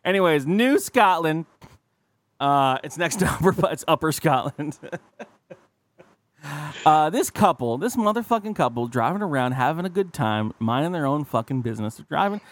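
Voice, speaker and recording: A man's voice: a little high, lively intonation, moderate pace, dry recording. A man co-hosting a podcast, telling rambling profane stories in casual chat and acting out the people he quotes. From California. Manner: rambling, swears a lot, acts out quoted people. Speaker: podcast co-host.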